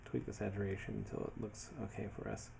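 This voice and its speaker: A man talking casually through his design work as he goes, thinking aloud in a relaxed way with many fillers. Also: on the low side, quick pace, gravelly, noisy background. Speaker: web developer building his portfolio. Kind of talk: casual screen-share commentary.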